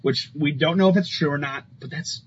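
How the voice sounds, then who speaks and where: On a comic book podcast, a co-host with a fairly high-pitched, brisk voice chats casually and enthusiastically, laughing often. The recording is slightly dull, with faint ambient noise.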